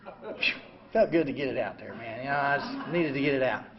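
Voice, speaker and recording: An older man telling his own recovery story in an emotional way, going from hushed to loud. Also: medium pitch, expressive, fairly quick, gravelly. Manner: emotional, swings from quiet to loud and laughing. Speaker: veteran speaker sharing a recovery story. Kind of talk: personal storytelling talk. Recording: dull lo-fi recording, faint ambient noise.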